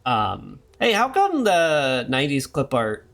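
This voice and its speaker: A man's voice: medium pitch, wildly swooping pitch, slow pace, creaky, a bit bright. A young man streaming a horror game live, joking and rambling as he reads the game's text aloud. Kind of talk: live gameplay commentary.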